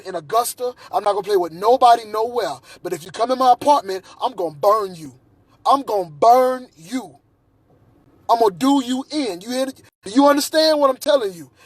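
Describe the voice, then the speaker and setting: Man, high husky voice, heated ranting monologue with restarts. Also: no echo. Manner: agitated, repetitive, restarts often. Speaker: vlogger.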